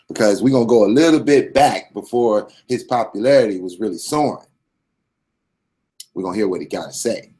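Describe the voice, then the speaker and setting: Male host, deeper side, streetwise and swaggering, lays it out bluntly like a sermon. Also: darkish tone. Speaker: commentary channel host. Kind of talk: profane streetwise commentary monologue.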